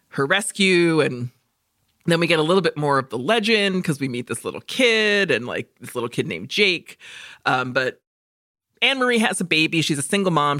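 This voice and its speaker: With a low voice and no room sound in a clean studio recording, a female podcast co-host recounts a movie in relaxed conversation. She swears liberally and puts on silly voices for the characters' lines.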